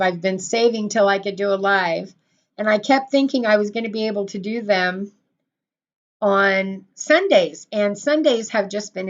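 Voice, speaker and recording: A woman's voice: mid-range voice, highs cut off. A middle-aged woman hosting a casual livestream, gushing over viewers and often repeating herself. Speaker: channel host on a livestream.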